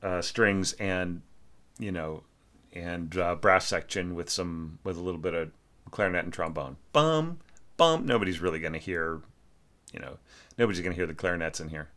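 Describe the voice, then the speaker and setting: A man's low voice, steady and slightly bright, moves at a moderate pace through an orchestration teacher's relaxed spoken critique of a score. He drops plenty of "you know" and "like" and sings some notes.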